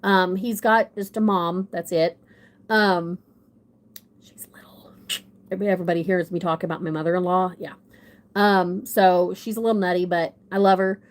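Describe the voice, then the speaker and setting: A woman's voice: on the low side, fairly even intonation, normal speed, pauses often. Rambling self-deprecating woman telling a story. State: runny nose. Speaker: livestream guest. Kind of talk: casual storytelling chat.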